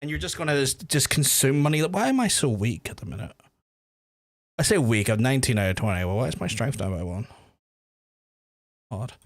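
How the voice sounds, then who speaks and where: A young man streaming a game, chatting excitably with viewers and leaping up in pitch when he gets worked up. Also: a little fast, long pauses. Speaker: gaming streamer. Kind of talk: casual livestream chat while playing.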